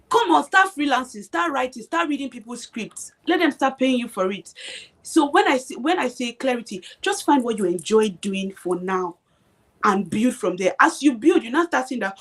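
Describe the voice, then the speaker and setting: A woman's voice: a little high, expressive, brisk, fairly bright tone. A young woman guest on a live stream, speaking emphatically and repeating her points, often checking that she is understood. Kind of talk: motivational live-stream chat.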